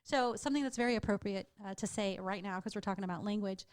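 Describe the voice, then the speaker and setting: A woman's voice: medium pitch, fast talker, clear, resonant tone, no echo. A middle-aged woman with a Texan accent, co-hosting a podcast and telling stories in a chatty way, laughing often. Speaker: podcast co-host. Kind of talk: casual chat.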